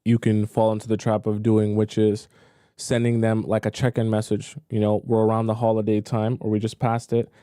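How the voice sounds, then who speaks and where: A man speaks in a mellow, warm tone, commenting on dating clips in a chatty, teasing manner. His voice sits close and dry, with no room sound around it. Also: fairly low pitch, monotone, moderate pace, clear, resonant tone, no echo. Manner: playful, chatty, teasing asides. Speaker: dating coach reacting to clips. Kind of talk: casual commentary.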